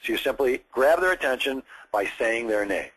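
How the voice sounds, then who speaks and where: Male sales trainer, husky, direct, explains step by step, broadcast feel. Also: mid-range voice, expressive, moderate pace, a bit bright, poor audio. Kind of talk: coaching session on phone scripts.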